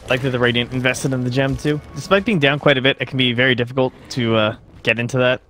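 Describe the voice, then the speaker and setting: Fast-talking male esports caster. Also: mid-range voice, fairly bright tone, a little hiss or hum. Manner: fast, casual analytical caster talk with slang. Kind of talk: live game commentary.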